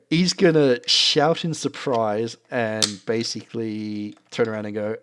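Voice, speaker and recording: A man running a tabletop game as game master, narrating in a relaxed, meandering way. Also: on the low side, a little slow, smooth.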